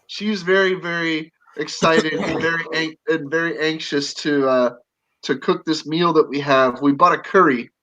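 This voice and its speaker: A man's voice: fairly high pitch, steady tone, normal speed, fairly bright tone, rough recording. A man hosting a livestream panel in casual chat, joking and laughing often. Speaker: livestream host.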